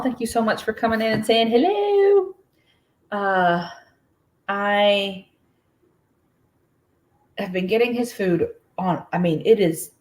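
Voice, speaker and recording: A woman from the United States hosting a casual crafting livestream, telling a long story with lots of fillers and greeting viewers by name. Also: mid-range voice. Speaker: crochet livestream host.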